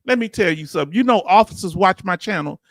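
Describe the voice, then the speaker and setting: A man hosting a livestream, animated and preachy, talking in casual slang and calling on his viewers in the chat. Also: high voice, fast, no room sound, clean studio sound. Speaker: channel host.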